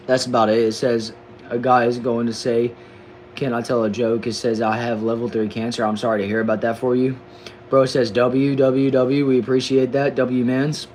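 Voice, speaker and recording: An upbeat young man hosts a casual live stream, reading viewer comments aloud and answering them one by one. His voice sits at an ordinary middle pitch, and a faint hiss of background noise runs under it. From Texas, USA.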